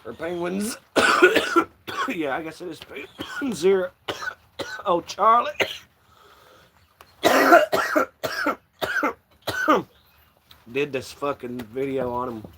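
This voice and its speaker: A man's voice: high-pitched, wildly swooping pitch, very slow, long pauses, heavy background noise. A man hosting a casual livestream, rambling and swearing freely and laughing often. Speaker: livestream host.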